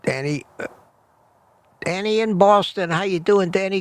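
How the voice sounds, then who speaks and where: A man's voice: a little high, lively intonation, takes it slowly, gravelly, pauses often, no room sound. A man hosting a casual morning livestream outdoors in the cold, greeting viewers by name and often repeating himself. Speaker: livestream host.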